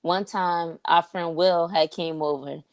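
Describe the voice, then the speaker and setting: A young woman co-hosting a podcast, telling stories in a casual, animated, slangy way. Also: on the low side, unhurried, dry recording. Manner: animated storyteller, slangy, says "like" and "bro" often. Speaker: podcast co-host. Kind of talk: casual chat.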